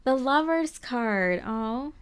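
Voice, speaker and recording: A woman giving a tarot reading to the viewer, gentle and reassuring, rambling with lots of fillers. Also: high-pitched, lively intonation, takes it slowly, clean tone. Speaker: tarot reader. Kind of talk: casual spoken tarot reading.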